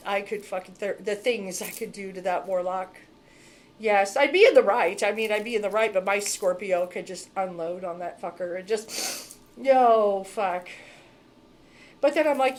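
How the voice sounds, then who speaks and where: A woman's voice: medium pitch, a little slow. A woman spiritual reader talking casually to camera in a blunt, emphatic, heavily profane way.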